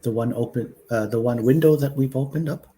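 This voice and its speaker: A man leading an improvised collaborative story, talking slowly and hesitantly with many fillers. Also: mid-range voice, mellow.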